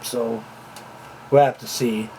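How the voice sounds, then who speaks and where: Indoors at home, a vlogger takes his time, his mid-range voice steady and warm as he talks to a handheld, moving camera. He wanders off track, repeats himself and uses many fillers. Poor audio carries slight background noise.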